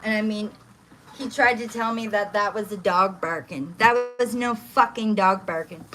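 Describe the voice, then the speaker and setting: Music plays behind a woman with a mid-range voice talking at a moderate pace. She's on a phone livestream in her home kitchen, casually chatting but ranting heatedly, agitated and swearing often.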